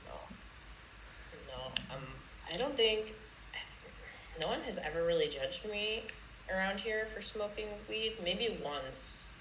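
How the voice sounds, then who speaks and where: A woman's voice: medium pitch, lively intonation, slow pace, reverberant, noisy background. A young woman guesting on a podcast, chatting in a chill, blunt way, swearing casually and calling people bro. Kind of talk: casual chat.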